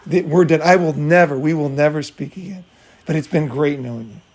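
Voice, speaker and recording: A man's voice: a little high, a little fast, darkish tone. A man talking casually as a dating coach, blunt and profane, acting out both sides of a breakup. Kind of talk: casual talk with acted-out scenes.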